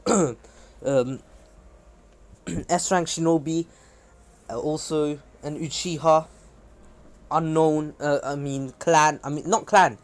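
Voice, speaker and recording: A young man casually telling a fan-fiction story, rambling with frequent self-corrections and throat clearing. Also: on the high side, fairly even intonation, slow pace, pauses often.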